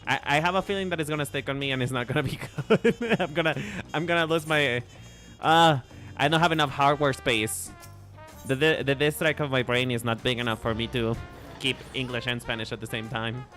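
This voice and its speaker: A man's voice: mid-range voice, fairly even intonation, brisk, bright, forceful tone, soft background music. A man chatting casually to his viewers while livestreaming a game, playful and teasing, often repeating and restarting his words. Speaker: VTuber streamer.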